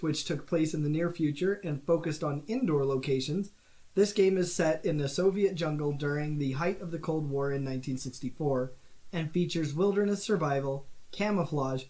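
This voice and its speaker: A man's voice: a little high, moderate pace, darkish tone. A man co-hosting a podcast, reading out notes in a casual way with joking asides. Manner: reads facts, breaks into laughs and jokes. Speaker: podcast co-host.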